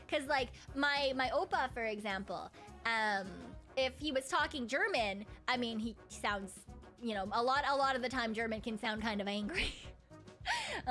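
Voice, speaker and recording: A live streamer with a fairly bright, higher-pitched voice chats casually with her viewers, rambling along and humming between thoughts.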